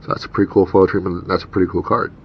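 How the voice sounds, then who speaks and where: A man's voice: little pitch movement, rapid-fire. A man casually reading out card names and rules text, with chatty asides between them. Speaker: channel host opening card packs. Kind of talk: casual unboxing commentary. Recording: dull lo-fi recording with faint rumble.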